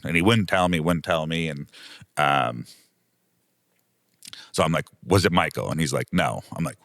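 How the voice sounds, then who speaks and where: A man with an extremely deep, low voice, a property manager guest telling a long story from his work. He rambles casually, filling the gaps with "um" and "like". The sound is dry and close, with no room echo. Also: normal speed, vocal fry, long pauses, fairly bright tone. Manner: rambling anecdotal telling, lots of um and like.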